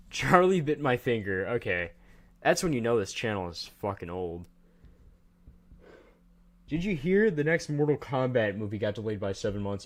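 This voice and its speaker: A man hosting a livestream, chatting casually and joking as he rambles and talks to his chat. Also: fairly low pitch. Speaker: livestream host.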